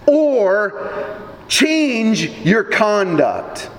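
Man doing a booming ancient general, stern and commanding, slow and weighty, echoey hall. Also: very animated, heavily acted.

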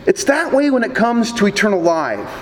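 A male pastor from Nebraska preaching a sermon, telling stories in an animated way with small stammers. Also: sits high, moderate pace, long reverb tail, a little hiss or hum, rough recording.

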